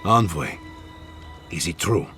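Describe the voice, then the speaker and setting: A man's voice: low voice, expressive, slow, a bit bright, soft background music, exaggerated voice. An actor voicing a wry, skeptical man who gives practical advice in a video game.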